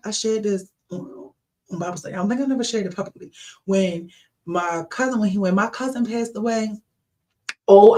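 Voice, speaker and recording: A woman hosting a podcast, telling a personal faith story in a casual, emotional way and speaking straight to her listeners. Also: medium pitch. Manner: emotional, animated storytelling addressing listeners directly. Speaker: podcast host. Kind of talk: casual faith testimony talk.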